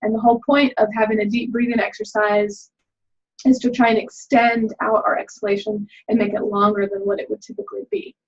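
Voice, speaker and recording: A woman's voice: mid-range voice, flat delivery, fairly quick, slightly rough. A middle-aged woman leading a laughter yoga class, chatty and upbeat, often laughing as she explains. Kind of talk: guided laughter exercise video. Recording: dull lo-fi sound.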